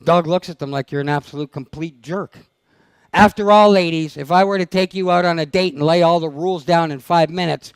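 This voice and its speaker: Male seminar leader, high-pitched and gravelly, blunt and needling with his audience. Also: brisk, no echo. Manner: blunt, teasing, fires questions at the audience. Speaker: dog trainer leading a seminar. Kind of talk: live seminar talk to an audience. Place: seminar room.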